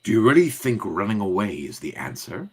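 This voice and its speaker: A man voicing a stern older male mentor who runs a school, read aloud with firm, measured authority. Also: fairly low pitch, very animated, darkish tone, slightly rough, exaggerated voice. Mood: questioning.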